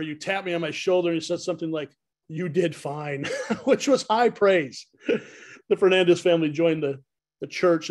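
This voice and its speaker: Pastor giving a heartfelt tribute. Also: male voice, fairly high pitch, darkish tone. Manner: storytelling, heartfelt and humorous. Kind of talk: retirement tribute speech.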